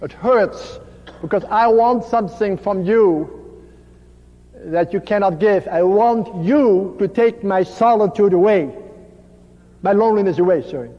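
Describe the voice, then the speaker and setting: A man preaching a sermon slowly and gently, his voice dropping to a soft hush on tender phrases. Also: high voice. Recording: dull lo-fi recording in a reverberant hall.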